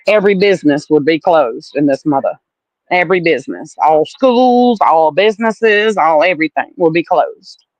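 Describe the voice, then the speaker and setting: A woman's voice: on the low side, dry recording, low-quality recording. A woman from Alabama with a Southern accent, chatting with viewers on a casual livestream, blunt and salty, calling people honey. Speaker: livestream host.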